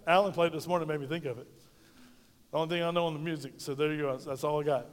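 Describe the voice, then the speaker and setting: A man's voice: fairly high pitch, steady tone, rapid-fire. A pastor preaching a sermon in a folksy, direct way, talking to his congregation. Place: church sanctuary. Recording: reverberant church hall.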